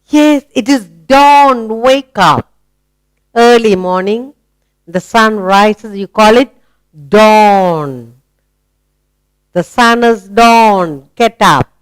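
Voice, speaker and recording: A woman leads a children's phonics lesson, asking simple questions and praising each answer. Her voice is smooth and clear, and she takes her time. The recording is close and dry. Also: medium pitch, no echo. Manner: slow, patient questioning with praise. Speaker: teacher.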